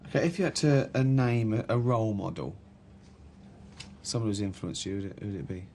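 A man's voice: fairly low pitch, expressive, a little mellow, a little hiss or hum. An actor playing a self-important male office manager who rambles, stalls and praises himself in a sitcom scene. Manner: rambling, halting, self-congratulatory.

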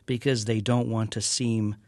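A man's voice: lowish voice, level tone, measured pace, a little mellow, no room sound. Wry older male interviewer. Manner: chatty, wry, laughs easily. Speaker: interviewer, TV critic. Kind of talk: interview questions.

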